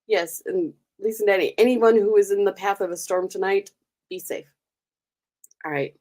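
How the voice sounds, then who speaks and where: A woman's voice: medium pitch, moderate pace, a little mellow. An American woman hosting a live stream, chatting casually with viewers, giggling and teasing them. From United States. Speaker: livestream host.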